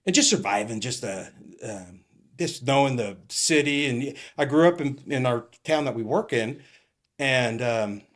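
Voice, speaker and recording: A middle-aged man who is a retired police captain, telling stories in a casual interview in a rambling, halting way full of fillers and restarts. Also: mid-range voice, animated, a bit bright. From California.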